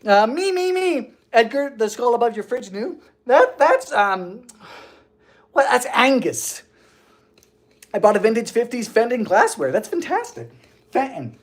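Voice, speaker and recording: Animated man hosting a live bake. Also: very high voice, unhurried. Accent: mild Bermudian. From Bermuda. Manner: animated, theatrical, jokey. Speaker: baking show host. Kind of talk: live-stream baking chat.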